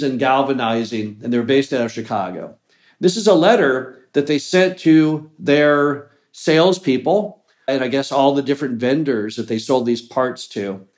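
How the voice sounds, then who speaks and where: A man hosting a business show, giving an earnest, plainspoken motivational talk. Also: mid-range voice. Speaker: host of a mobile home park business show.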